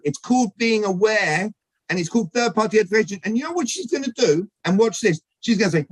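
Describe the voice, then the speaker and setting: A man giving an energetic live talk on sales communication to a networking audience, asking them questions directly. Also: high-pitched, fast talker, no echo, poor audio. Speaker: speaker at a networking event. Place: event room with audience.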